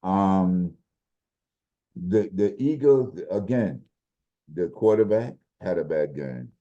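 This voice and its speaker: A low-voiced man talks football on a podcast, his tone dark and mellow. He explains things in a measured way, often restarting sentences mid-thought. The audio is dull and lo-fi. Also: expressive. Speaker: podcast co-host, football analyst. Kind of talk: casual sports chat.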